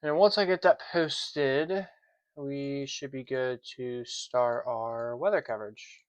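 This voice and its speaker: A man's voice: mid-range voice, fairly even intonation, takes it slowly, smooth, dry recording. A man hosting a weather livestream from his room, wheezing as he talks in a chatty, apologetic way. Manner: chatty, self-conscious, apologetic. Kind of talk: casual livestream chat. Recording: dry, dull lo-fi stream audio.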